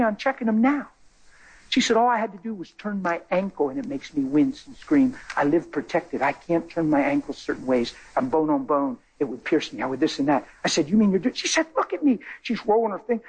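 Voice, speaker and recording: Excitable husky-voiced male preacher. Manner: excitable, swings between loud high bursts and low quiet asides. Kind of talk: sermon storytelling. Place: church.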